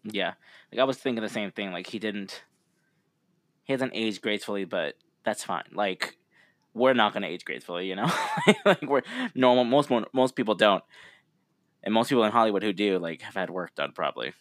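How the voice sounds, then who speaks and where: A man's voice: fairly low pitch, fairly quick, a bit bright, dry recording, studio quality. A man co-hosting a podcast in casual chat, laid-back and laughing easily as he reads out trivia. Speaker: podcast co-host.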